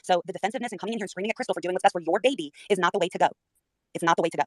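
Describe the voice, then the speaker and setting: Woman on a group call, rapid and assertive, scolding firmly. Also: on the low side, dry recording. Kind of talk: group audio-chat discussion.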